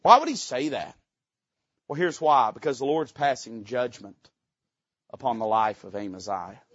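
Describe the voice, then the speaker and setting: A man preaching a sermon, folksy and joking, with loud emphatic rises. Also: medium pitch, animated, normal speed, breathy edge, dry recording, highs cut off.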